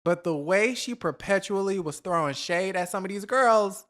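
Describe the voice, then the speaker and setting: A man hosting a celebrity gossip vlog, talking in a chatty, animated way, throwing shade and mimicking people he talks about. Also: high voice. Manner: says y'all, drawn-out emphasis. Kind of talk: casual gossip commentary.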